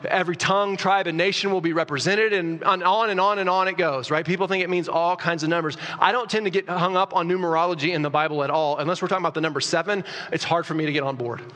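A man preaching a sermon as a pastor, conversational and animated, often restarting his sentences. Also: a little high, long reverb tail. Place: church.

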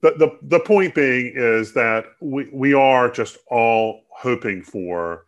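Halting, chatty male podcast co-host. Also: mid-range voice, highs cut off. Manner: halting, many restarts and fillers. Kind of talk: casual chat.

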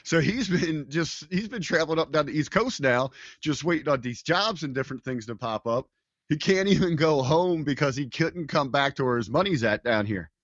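A man's voice: on the high side, expressive, moderate pace, a bit bright, dry recording. A man chatting casually as a podcast co-host, rambling through a story with plenty of fillers and false starts. His voice comes through dull and lo-fi, with a dry, close sound. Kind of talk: casual chat.

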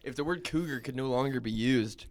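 A man's voice: medium pitch, brisk. A man co-hosting a podcast, chatting casually and cursing a lot while his mouth burns from hot sauce. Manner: profane, rambling, laid-back. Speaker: podcast co-host. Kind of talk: casual chat.

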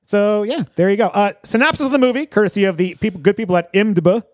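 Brief: male podcast co-host, high and lively voice, dry close sound, animated storyteller. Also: quick pace, dry recording. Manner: animated storytelling, laughs often. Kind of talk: casual movie review chat.

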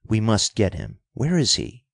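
A man's voice: lowish voice, wildly swooping pitch, unhurried, gravelly, dry recording, studio quality, heavily acted. A man voicing a bold young male officer who gives urgent commands in the middle of a fight.

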